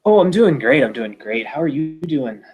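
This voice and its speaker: A man's voice: fairly high pitch, sing-song, normal speed, darkish tone, pitched above the performer's own voice, poor audio. A man voicing a cheery young woman werewolf with a put-on Irish accent in a tabletop role-play, bubbly and a little breathless. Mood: cheerful. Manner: bubbly, breathless after running.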